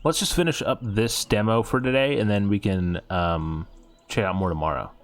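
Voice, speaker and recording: A man streaming a story game, reading its narration aloud in a relaxed, joking way and chatting with his co-player. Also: lowish voice, normal speed. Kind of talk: casual gaming stream chat.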